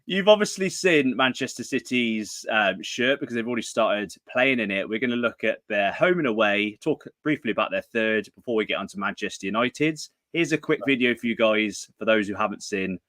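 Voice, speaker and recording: A man's voice: on the low side, lively intonation, fairly quick, few pauses, fairly bright tone, no room sound. A man with a Northern English accent hosting a casual live stream, chatty and self-deprecating, often laughing. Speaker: host. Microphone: streaming setup.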